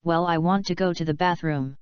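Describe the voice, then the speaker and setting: A woman voicing a quiet, drowsy and reserved young woman ninja with soft, unhurried lines. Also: on the low side, steady tone, clean tone, dry recording, natural voice. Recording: slightly dull, dry lo-fi recording.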